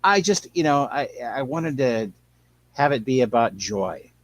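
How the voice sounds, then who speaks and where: A man with a mid-pitched voice that moves a lot between highs and lows. He is a musician guest on a radio show. He talks loosely and jokes at his own expense. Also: measured pace. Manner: relaxed, rambling, self-deprecating. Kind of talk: casual chat.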